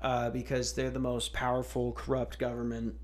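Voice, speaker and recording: Brief: guy hosting a podcast, mid-pitched, sarcastic and foul-mouthed, rambling. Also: completely flat delivery, moderate pace. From United States. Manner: profane, sarcastic, rambling with restarts. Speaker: podcast host. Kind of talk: casual comedic rant.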